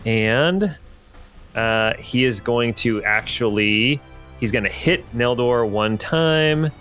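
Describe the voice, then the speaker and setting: A man's voice: medium pitch, takes it slowly, fairly bright tone, faint music behind. Man narrating as game master. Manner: thinking aloud with frequent ums and restarts.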